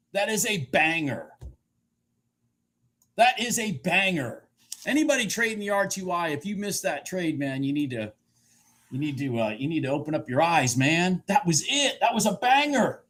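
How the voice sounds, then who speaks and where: A man live-streaming his day trading, commenting excitedly on the market, swearing and repeating himself as he shifts between shouting and muttering. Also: high-pitched, measured pace, breathy edge. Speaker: livestream day trader.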